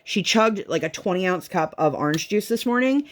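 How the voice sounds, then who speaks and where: A woman chatting casually at home while she crafts, venting and telling her story in an animated way. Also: fairly low pitch, moderate pace. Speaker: vlogger and mother.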